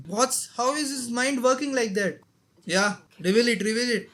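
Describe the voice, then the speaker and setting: Indian-accented male reactor, bright tense tone, emotional running commentary on an anime episode. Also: high-pitched, moderate pace. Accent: Indian English. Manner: talks back at the screen, emotional and exclaiming.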